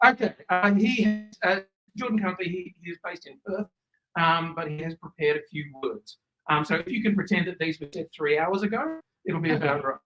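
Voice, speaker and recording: Australian man MCing an awards night, playful and quick with a joke. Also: high-pitched, a bit bright, low-quality recording. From Tasmania, Australia. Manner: jokey, playful, reading acceptance speeches aloud. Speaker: awards ceremony host. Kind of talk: presenting at an awards ceremony. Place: event venue with an audience.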